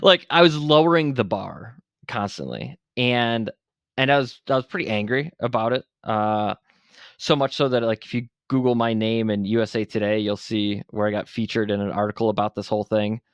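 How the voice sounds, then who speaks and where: The voice is on the low side with a clean tone and moderate pace, recorded without echo. It belongs to a veteran entrepreneur in his forties from Buffalo, New York who, as a podcast guest, retells his story candidly, bluntly, and animatedly, swearing now and then.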